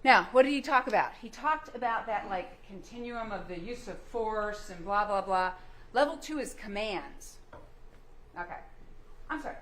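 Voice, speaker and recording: A woman prosecutor delivering a closing argument, pressing the jury with emphatic rhetorical questions. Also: on the high side. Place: courtroom. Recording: echoey courtroom with faint hum.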